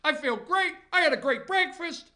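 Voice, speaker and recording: A man's voice: extremely high pitch, lively intonation, moderate pace, bright, forceful tone, pitched above the performer's own voice, full character voice. A man doing a brash, swaggering impression of a boastful older male politician. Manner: swaggering, taunting.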